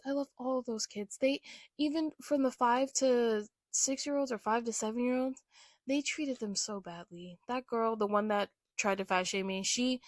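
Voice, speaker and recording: A young woman with a fairly high voice tells stories from her own life in a loose, chatty way. She is emphatic and animated, and she fills her sentences with "like". The sound is close and dry. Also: dry recording. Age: young adult. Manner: animated, emphatic, heavy use of "like". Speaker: vlogger. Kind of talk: casual storytelling.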